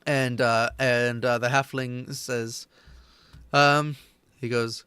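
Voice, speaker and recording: A man narrating a tabletop game as game master, halting often with fillers. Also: mid-range voice, flat delivery, pushed and bright, a little hiss or hum.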